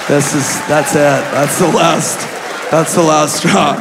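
Minnesota guy doing standup, gravelly high voice, rambling self-mocking, echoey live hall w faint crowd. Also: fairly even intonation, slow pace, heavy background noise. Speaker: stand-up comedian. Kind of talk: stand-up comedy storytelling.

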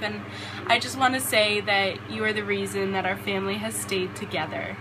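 A woman's voice: medium pitch, moderate pace, background noise. A young woman recording a casual, chatty video message to her mother, with a giggly, self-conscious manner. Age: young adult.

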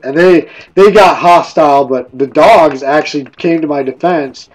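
A man's voice: on the high side, normal speed, poor audio. A man streaming while gaming, drunk, telling a casual rambling ghost story full of restarts.

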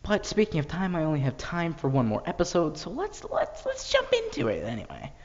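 A man hosting a joking let's play, animated and now and then dropping into a whisper. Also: on the high side, a little fast, big-room sound, muffled recording. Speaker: gaming YouTuber.

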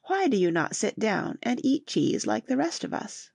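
An earnest, fatherly castaway who speaks in measured, steady sentences, as a woman narrator puts him on. The voice has a gravelly edge and sounds close and dry, like a storybook read aloud. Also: fairly high pitch, no room sound, pitched above the performer's own voice, full character voice. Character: middle-aged father of a shipwrecked family, earnest.

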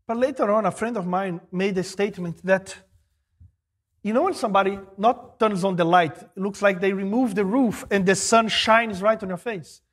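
Animated preacher with a husky, high voice. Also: male voice, normal speed. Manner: animated preaching, rising to emphatic high exclamations. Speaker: pastor. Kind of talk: sermon.

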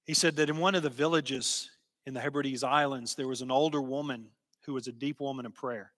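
A man preaching a sermon and telling a story, slow and emphatic, sometimes dropping to a hush. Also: medium pitch, fairly even intonation. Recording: long hall reverb.

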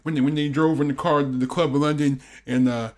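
A man's voice: fairly high pitch, fairly even intonation, quick pace, a little mellow. A man hosting a reaction video, casually retelling scenes and laughing.

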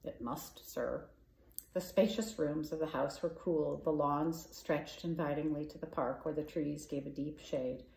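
A woman storyteller reading a children's novel aloud in a calm, measured way. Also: low voice, gravelly. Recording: echoey room.

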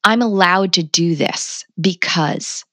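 A woman's voice: lowish voice, slow, no echo. A middle-aged woman guest on a podcast, talking candidly and passionately about parenting, blunt and swearing freely. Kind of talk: candid conversational interview.

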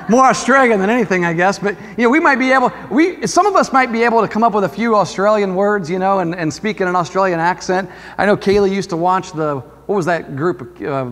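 A man with a notably high voice delivers a sermon to his congregation. He talks in a loose, conversational way and keeps turning to the listeners with questions. His words ring out with a long reverb from the church hall. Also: fairly bright tone. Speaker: pastor. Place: church sanctuary.

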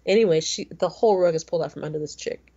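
A woman in her forties co-hosts a podcast, rambling through stories in a casual, chatty way full of fillers. Her voice is low, dark, and husky, she talks fast, and the recording sounds muffled.

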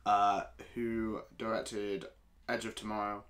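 A man's voice: fairly low pitch, little pitch movement, takes it slowly, a bit bright. A young English man co-hosting a podcast, joking and swearing in casual chat. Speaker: podcast co-host.

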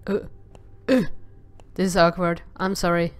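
Slow-talking woman narrating her gameplay. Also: fairly low pitch, little pitch movement. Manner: exclaims and stammers filler sounds while playing. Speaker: gameplay commentator. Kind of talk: casual game commentary.

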